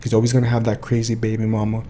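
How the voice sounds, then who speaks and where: A young man co-hosting a podcast, chatting casually and telling animated, profane stories. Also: on the low side, racing, a little hiss or hum. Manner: animated storytelling, swears freely. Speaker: podcast co-host. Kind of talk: casual chat.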